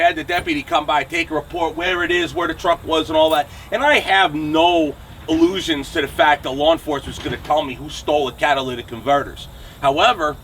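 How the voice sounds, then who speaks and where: A man's voice: high voice, vocal fry, sharp tone, distant mic, slight background noise. Angry New Jersey man ranting outdoors. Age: 40s. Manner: angry, profane, blunt, keeps asking "okay?" and "right?". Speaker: trucking channel host. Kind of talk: angry to-camera rant. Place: outdoors by a truck shop.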